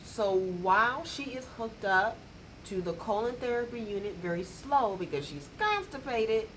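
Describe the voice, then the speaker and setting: A woman's voice: mid-range voice, lively intonation, moderate pace, fairly bright tone, a little hiss or hum, low-quality recording. A woman who works as a colon hydrotherapist tells a client story in a colloquial, emphatic way and acts out the dialogue. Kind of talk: storytelling to camera.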